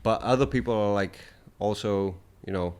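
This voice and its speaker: A man chatting as a podcast guest, halting with many fillers, animated when telling stories. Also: lowish voice, smooth. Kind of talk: casual chat.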